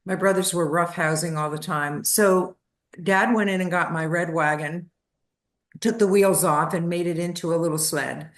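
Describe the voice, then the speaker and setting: A woman's voice: lowish voice, normal speed. Seventy-something woman telling a childhood story. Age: 70s. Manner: lively anecdotal storyteller, acts out voices of family. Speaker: guest. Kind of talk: storytelling in a podcast interview.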